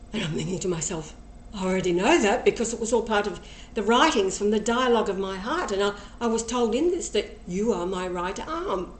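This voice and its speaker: A woman slowly retelling a personal experience, acting out the dialogue and getting emotional as she goes. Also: medium pitch, expressive. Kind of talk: personal storytelling. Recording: echoey room with faint ambient noise.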